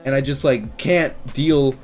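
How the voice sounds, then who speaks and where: A man telling a story to camera in a casual vlog, excitable and anxious, swearing often and stammering through restarts. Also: medium pitch, measured pace, soft background music. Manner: excitable, swears a lot, loud bursts of disbelief. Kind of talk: casual story-time monologue.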